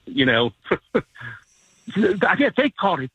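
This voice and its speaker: Husky-voiced man calling in on a phone line. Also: on the high side, big pitch swings, normal speed, no echo. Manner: easygoing storytelling with fillers. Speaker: caller. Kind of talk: telling a story on call-in radio.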